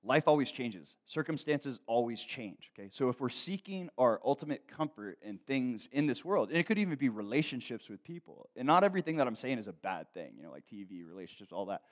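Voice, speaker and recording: A pastor preaching a sermon, conversational, rising loud and slow when reading scripture and dropping to quieter asides, often checking in with "okay?". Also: male voice, medium pitch, big pitch swings.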